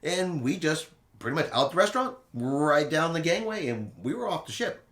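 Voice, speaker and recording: Animated man telling cruise stories. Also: a little high, brisk, echoey room. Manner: animated storyteller who acts out quotes dramatically. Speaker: travel vlog host. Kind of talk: casual recap chat.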